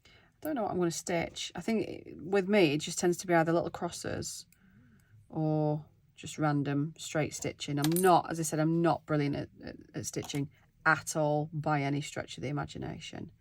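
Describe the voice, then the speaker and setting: Her low, darkish voice stays fairly even at a moderate pace, with a little hiss or hum in the recording. She's a woman in her thirties, a craft vlogger talking casually and poking fun at herself as she crafts along at home with viewers.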